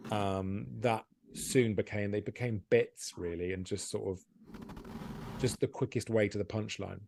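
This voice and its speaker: A man's voice: fairly low pitch, unhurried, creaky. Self-deprecating male comedian guest. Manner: self-deprecating, animated, laughs often. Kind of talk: candid podcast interview.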